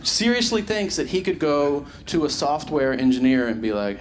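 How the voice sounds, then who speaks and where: A man's voice: mid-range voice, moderate pace, few pauses, slight background noise. A male stand-up comedian telling stories with exasperated disbelief and mocking impressions. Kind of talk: stand-up routine.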